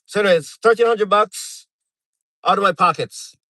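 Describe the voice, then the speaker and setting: Casual male live streamer, middle-aged, from Canada, slightly high voice, rambling, lots of fillers, dry sound. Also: normal speed, sharp tone, no echo, poor audio. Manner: rambling, chatty, many fillers and restarts.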